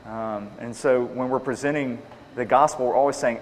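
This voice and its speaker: A man's voice: mid-range voice, steady tone, moderate pace. A man answering audience questions on evangelism in an earnest, plainspoken way, restating each question before he answers. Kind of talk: Q&A talk. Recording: long reverb in a hall, faint noise.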